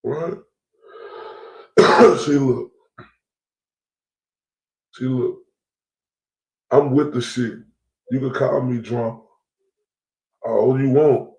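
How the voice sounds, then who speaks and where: Livestream host, male, gravel in the voice, slow and rambling rant, echoey room. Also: medium pitch, steady tone, darkish tone. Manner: rambling, repeats himself, slangy and heated.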